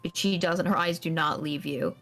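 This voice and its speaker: A woman's voice: fairly low pitch, fairly even intonation, moderate pace, a bit bright, faint music behind. A woman narrating as game master, describing scenes in a rambling way with many fillers.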